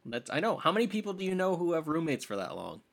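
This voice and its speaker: A man in his thirties co-hosting a podcast, chatting casually and teasing with a joking, animated manner. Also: fairly high pitch, quick pace, gravelly. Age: 30s. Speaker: podcast co-host. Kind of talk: casual chat.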